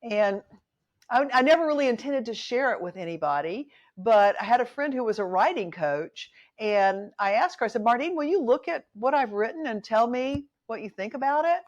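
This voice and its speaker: A woman's voice: a little high, expressive, normal speed, dull audio. A middle-aged woman and author, a podcast guest, telling her story in a candid, chatty way and acting out the quoted dialogue. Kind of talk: casual storytelling interview.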